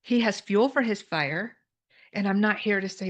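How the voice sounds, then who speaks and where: A woman's voice: medium pitch, moderate pace. A middle-aged woman telling her own story as a podcast guest, candid and earnest, explaining terms with plain examples. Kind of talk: personal story in a podcast conversation.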